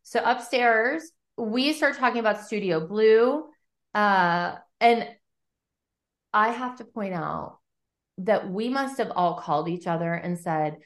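A woman chatting on a podcast, retelling scenes with lively put-on quotes. She talks casually and swears now and then. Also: mid-range voice, a little slow. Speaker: podcast co-host recapping episodes. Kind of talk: casual chat.

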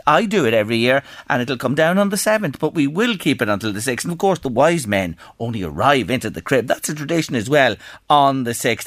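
A man's voice: on the high side, sharp tone, no echo, studio quality. A middle-aged Irish man hosting a local radio show, chatting and reading out listener messages.

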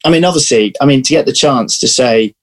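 A man's voice: mid-range voice, a little fast. Chatty man telling stories. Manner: animated storyteller, restarts often. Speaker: actor guest. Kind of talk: casual interview chat.

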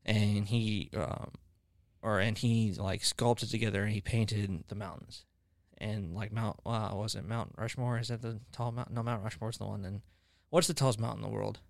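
Low-voiced man telling rambling stories. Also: fairly even intonation, normal speed, creaky, dry recording, studio quality. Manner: rambling storyteller, many fillers and restarts. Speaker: podcast host. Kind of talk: casual faith conversation.

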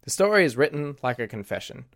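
A man's voice: mid-range voice, big pitch swings, fast, fairly bright tone, dry recording. A man hosting a show and narrating his own comic adventure in mock-archaic, theatrical turns with dry asides. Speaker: podcast host and storyteller.

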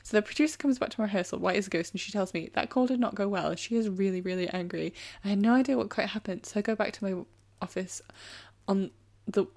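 A woman's voice: medium pitch, fast talker, vocal fry. Woman co-host in casual chat. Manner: reads quotes aloud with lively voices. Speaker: podcast co-host.

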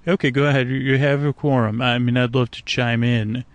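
A sleep podcast host with a gravelly, mid-pitched voice improvises a rambling monologue to the frogs and other creatures of a swamp at night. Steady in tone and fairly quick, he meanders, hesitates, and restarts through fillers and half-finished thoughts, all in a close, dry recording.

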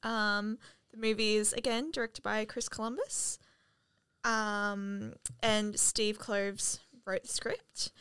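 A woman's voice: medium pitch, flat delivery, slow, sharp tone, clear, resonant tone, no echo. A woman co-hosting a casual film podcast, reading facts with lots of ums. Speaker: podcast co-host.

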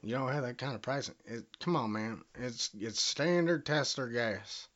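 A man's voice: medium pitch, normal speed, fairly bright tone. A man with a Southern US accent making a prank phone call, rambling, bumbling and cursing as he talks. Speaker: prank caller.

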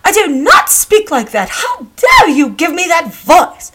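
A woman's voice: extremely high pitch, huge pitch swings, a little slow, sharp tone, pitched above the performer's own voice, heavily acted. A woman putting on her elderly mother's voice, a prim, indignant English-accented woman in her eighties. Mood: irate. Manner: haughty, indignant scolding.

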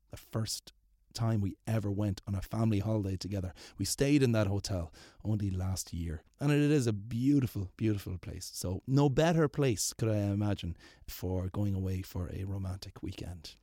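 A man introduces the next story in a relaxed, slightly hesitant way. His voice is low and mellow, and the sound is dry and close. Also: no room sound. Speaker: podcast host. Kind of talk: introducing stories.

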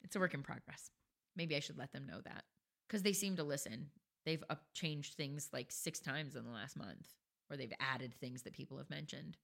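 A woman's voice: deep voice, normal speed, vocal fry, fairly bright tone. A woman co-hosting a podcast in casual chat, blunt and chatty, swearing casually. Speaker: podcast co-host.

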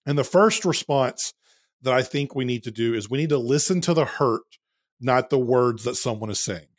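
A man who works with churches, speaking on a faith podcast in a steady, deliberate and earnest way. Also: mid-range voice, no room sound. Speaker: church consultant, podcast guest. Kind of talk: measured faith podcast talk.

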